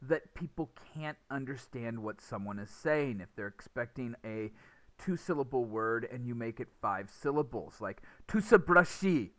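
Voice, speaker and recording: A man's voice: medium pitch, moderate pace. A young man teaching a recorded English pronunciation lesson, explaining patiently and often repeating words as he restarts.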